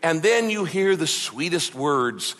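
Pastor guy preaching, earnest and chatty, repeats himself a lot, kinda high voice, echoey church. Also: lively intonation, slow, fairly bright tone. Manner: earnest and conversational, repeats words for emphasis. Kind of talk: sermon.

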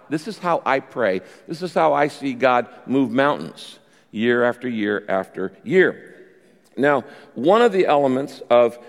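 Male pastor, sermon, lively swooping delivery, acts out quotes, reverberant hall. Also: medium pitch. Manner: animated preaching with quick pace changes and voiced quotes. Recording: long reverb of a large hall.

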